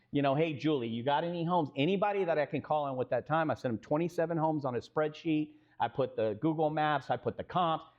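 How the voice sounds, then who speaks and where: In lo-fi sound, a medium-pitched man with a Texan accent shares a business story on a live panel. The real estate company co-founder is animated, acting out quoted dialogue and questioning the audience.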